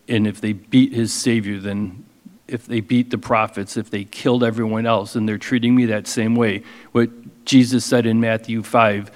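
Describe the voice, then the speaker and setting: Reverberant pastor preaching, emphatic reader. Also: male voice, lowish voice. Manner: reads scripture aloud slowly with emphasis, then explains casually. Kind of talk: expository sermon.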